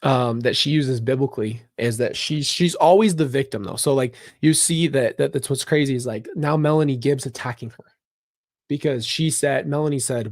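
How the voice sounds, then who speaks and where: A man's voice: mid-range voice, moderate pace, darkish tone, no room sound, studio quality. A man hosting a casual commentary vlog, talking bluntly and emphatically with open frustration. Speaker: channel host.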